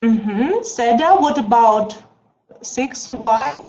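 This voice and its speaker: Slow-talking woman teacher. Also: fairly high pitch, lively intonation, warm tone. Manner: slow, coaxing, many mm-hmms. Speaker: English teacher. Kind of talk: online class teaching. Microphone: video call. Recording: dull lo-fi video call.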